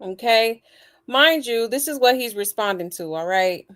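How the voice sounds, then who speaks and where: A woman's voice: fairly high pitch, lively intonation, unhurried, a bit bright. A woman hosting a gossip show, giving casual, chatty commentary on a clip, with plenty of "like" and "you know".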